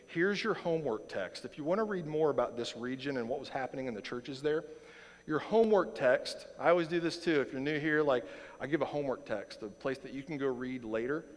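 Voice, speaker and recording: A man preaching a sermon as pastor, earnest and emphatic, often repeating lines for stress. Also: mid-range voice. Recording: long hall reverb.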